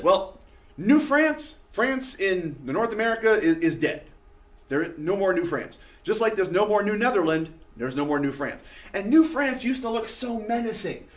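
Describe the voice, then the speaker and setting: A man lecturing a class with a high, lively voice that swings up and down as he explains and points at a map. He sits a little back from the mic. Faint room noise runs under him. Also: recorded from a distance. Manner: animated, conversational, pointing at a map. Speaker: history teacher.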